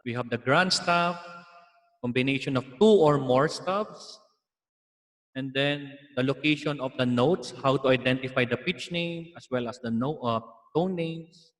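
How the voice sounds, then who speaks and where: A man's voice: medium pitch, a little slow, fairly bright tone, in a large hall. A man with a Filipino accent teaching an online music lesson, explaining patiently and slipping in Tagalog asides.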